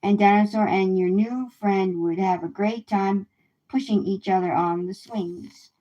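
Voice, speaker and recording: Woman, storybook read-aloud for kids, mellow voice, dull lo-fi sound. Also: medium pitch, steady tone. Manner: slow, gentle read-aloud for children. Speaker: storybook reader. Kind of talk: reading a picture book aloud. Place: home livestream.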